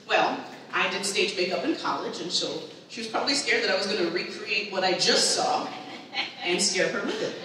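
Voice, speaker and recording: A woman performing a stand-up comedy set, telling a family story in an animated way and acting out the people in it. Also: medium pitch, normal speed. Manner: animated storytelling, acts out her mother's voice. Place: comedy event hall with live audience. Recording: echoey hall, far from mic, audible room noise.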